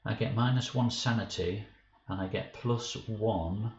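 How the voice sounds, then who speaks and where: A man's voice: fairly low pitch, measured pace. A man streaming a card game live, thinking aloud about his moves and flustered and self-mocking when he slips up. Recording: dull roomy stream audio with faint hiss.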